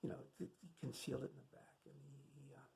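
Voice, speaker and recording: His voice is mid-range, gravelly and mellow, with fairly even intonation and a quick pace. He's a film lecturer introducing a classic film at a screening, recounting behind-the-scenes stories loosely and conversationally, full of fillers and restarts.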